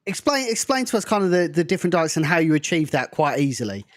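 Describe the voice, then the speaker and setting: Male podcast host with rambling questions; slightly high voice, dry close recording. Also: sing-song, quick pace, no room sound. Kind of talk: interview questions.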